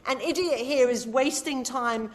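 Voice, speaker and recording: A woman's voice: high-pitched, a little slow. A woman, a podcast guest casually telling family stories and acting out the quotes. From England. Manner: animated, tells stories with acted-out quotes. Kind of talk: casual storytelling chat.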